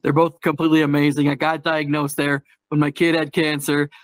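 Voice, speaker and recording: A man's voice: fairly high pitch, level tone, fairly quick, dry recording. A man with a slightly raised voice chats in a candid, darkly humorous way, often laughing as he tells a story. The sound is dry and close, with no room around it. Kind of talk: casual chat.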